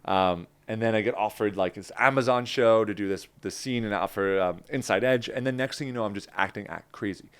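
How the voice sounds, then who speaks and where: Fairly quick and with hardly any pauses, this New Jersey man speaks in a lowish voice with a clear, resonant tone. As a guest in a relaxed interview, he tells lively stories, replays what he said back then, and fills his speech with "like."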